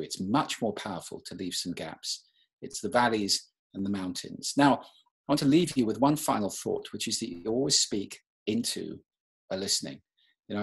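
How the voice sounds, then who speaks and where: A man presenting a webinar talk on speaking, with an expressive, demonstrative delivery. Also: lowish voice, vocal fry, slightly rough.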